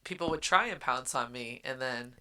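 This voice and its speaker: Woman cohost chatting about a book, low voice but bright, blunt and jokey. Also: normal speed, smooth. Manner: blunt, joking, acts out scenes. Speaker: podcast co-host. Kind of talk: casual book chat.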